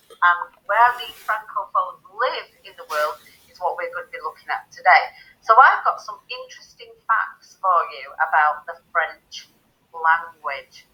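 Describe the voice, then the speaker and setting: Animated woman teacher, bright voice. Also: mid-range voice, highs cut off. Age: middle-aged. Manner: animated, exclaiming, drawn-out emphasis. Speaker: teacher leading a school assembly. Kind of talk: lively assembly talk to children over video. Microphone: laptop video call.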